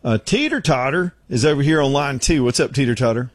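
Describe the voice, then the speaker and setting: A man hosting a radio talk show, chatting in a relaxed, rambling way. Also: mid-range voice, a little fast. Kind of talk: casual radio chat. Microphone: studio microphone.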